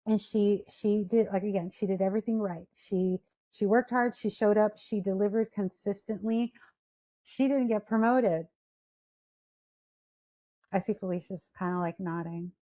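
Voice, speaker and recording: Woman, career talk, storytelling, acted-out quotes, warm tone, muffled call audio. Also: mid-range voice, a little slow. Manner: storytelling, animated quoted voices. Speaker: speaker. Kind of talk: career talk to an online audience.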